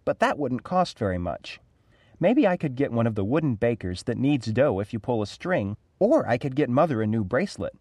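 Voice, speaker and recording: A man voicing an eager, excitable ten-year-old boy in a storybook reading, with bouncy, breathless excitement. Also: mid-range voice, normal speed, breathy edge, dry recording, clean studio sound.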